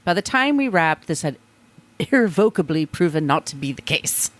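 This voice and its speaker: A woman co-hosting a casual podcast, chatting and reading a statement aloud, with profane asides and quick apologies. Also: deep voice, very animated. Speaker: podcast co-host.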